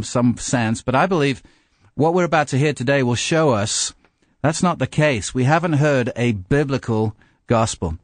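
English pastor, dry close voice. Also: male voice, medium pitch, no echo. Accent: English with a slight American twang. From England. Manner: conversational, self-deprecating humor. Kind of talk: sermon.

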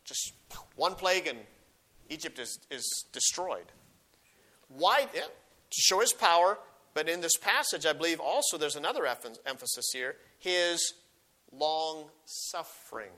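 A man's voice: a little high, animated, unhurried, bright, forceful tone. A man preaching a sermon, reading scripture aloud with rising emphasis and explaining it, often restarting and repeating words.

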